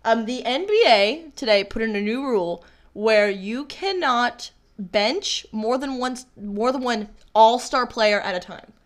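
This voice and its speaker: A young woman with a slightly high voice co-hosts a relaxed chat show. She talks in a bubbly, excitable way and giggles often. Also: a little slow. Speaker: podcast co-host. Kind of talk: casual chat.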